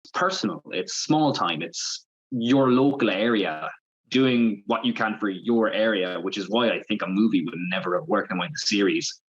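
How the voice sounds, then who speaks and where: A man with a husky, slightly raspy voice comes through dull, lo-fi audio. He co-hosts a podcast in casual chat and argues his points analytically, stacking them up as lists. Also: lowish voice, normal speed. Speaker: podcast co-host. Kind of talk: casual film-review chat.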